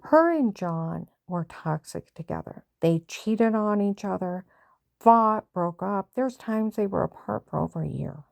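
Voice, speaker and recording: A woman's voice: medium pitch, animated, measured pace, creaky, darkish tone, dry recording. An older woman tells a family story in a plain-spoken, repetitive way, sighing now and then. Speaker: mother telling a family story. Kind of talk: personal storytelling.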